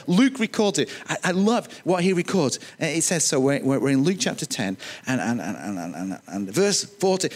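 Preacher guy, jokey, pitch jumps all over the place, self-mocking asides. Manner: animated, joking, self-deprecating asides. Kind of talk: sermon.

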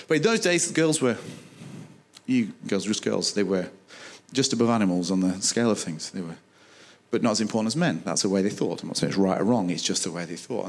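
Animated man preaching a sermon. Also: fairly low pitch. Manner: animated storytelling, acting out dialogue.

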